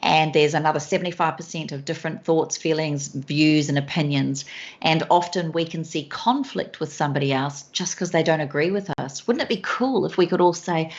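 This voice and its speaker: Lively woman telling stories. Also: low-pitched, a little fast. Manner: enthusiastic, anecdotal, uses examples. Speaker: guest. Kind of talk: storytelling in a podcast interview. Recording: dull lo-fi recording.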